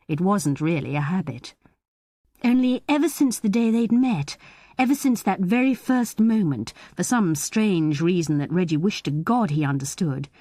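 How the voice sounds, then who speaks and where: A woman with a low voice narrates a scripted audiobook, telling the story in a measured, expressive way. The studio-quality recording has no room sound.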